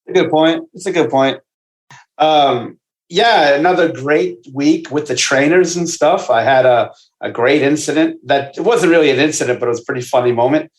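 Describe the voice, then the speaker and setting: A man who works as a basketball trainer, guesting on a casual podcast and telling stories in a profane, animated way. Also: on the high side, moderate pace. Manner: profane, animated storytelling with asides. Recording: roomy echo.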